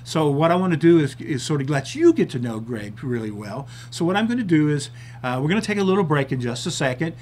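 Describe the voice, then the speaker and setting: A man's voice: a little high, expressive, quick pace, a little mellow. Chatty talk show host man. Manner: chatty, self-deprecating, rambling. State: out of breath. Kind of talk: casual talk show hosting.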